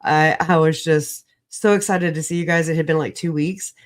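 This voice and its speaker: A woman on a livestream video call, recovering from an illness, talking in an animated, rambling way, laughing often and swearing. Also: sits low, moderate pace. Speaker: livestream guest. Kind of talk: casual livestream chat.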